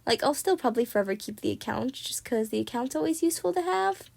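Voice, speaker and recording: A young woman vlogging in a casual, rambling way, often repeating herself and filling pauses. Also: sits high, lively intonation, creaky, a little mellow. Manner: rambling, filler-heavy, repeats "as I said". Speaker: YouTuber. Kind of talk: casual vlog talk.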